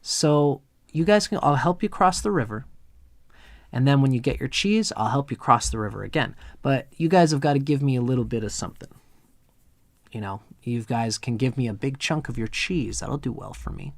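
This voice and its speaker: A man's voice: medium pitch, moderate pace, vocal fry, no echo, close to an everyday voice. A man voicing a self-interested adult boatman who haggles casually over payment. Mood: bargaining.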